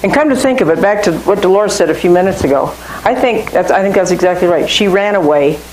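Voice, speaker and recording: A woman's voice: medium pitch, lively intonation, fast, darkish tone, roomy sound, slight background noise, low-quality recording. A woman leading an informal Bible study, talking through scripture in a conversational way and often repeating and restarting phrases. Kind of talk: informal Bible teaching to a small group.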